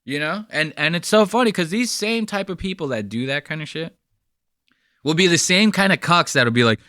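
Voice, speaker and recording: Man, channel host, brash profane commentary, higher voice, bright and edgy. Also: animated, moderate pace, dry recording, studio quality. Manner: profane, heated, sarcastic. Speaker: channel host reacting to clips. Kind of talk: casual commentary rant.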